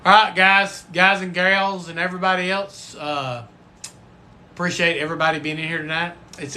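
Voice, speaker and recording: A man's voice: on the high side, bright, forceful tone, slight background noise. A man hosting a casual livestream, folksy and rambling, with the odd cuss word. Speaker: livestream host and football coach.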